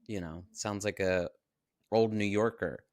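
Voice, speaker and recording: A man's voice: lowish voice, fairly even intonation, measured pace, darkish tone, no room sound, clean studio sound. A man co-hosting a podcast, giving loose casual commentary on a film with lots of fillers. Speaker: podcast co-host. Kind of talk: casual chat about a film.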